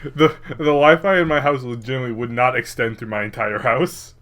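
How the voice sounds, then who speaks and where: A young man co-hosting a podcast, chatting casually with dry, deadpan teasing. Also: medium pitch, a little fast. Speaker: podcast co-host. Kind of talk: casual chat.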